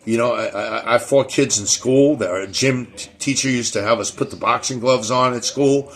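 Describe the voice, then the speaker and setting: A man's voice: medium pitch, normal speed. A middle-aged man hosting his own show, talking casually in a rambling way, with many restarts and repeated words. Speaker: show host. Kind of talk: casual monologue.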